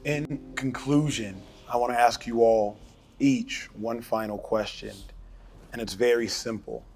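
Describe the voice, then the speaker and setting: A man hosting a panel discussion, asking questions in a measured, deliberate way. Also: medium pitch, fairly even intonation, darkish tone, soft background music. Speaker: host.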